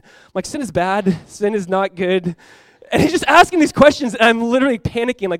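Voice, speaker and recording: A young adult male pastor from Southern California preaching a sermon, telling a story in a quick, animated way and acting out the voices he quotes. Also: high voice, dry recording.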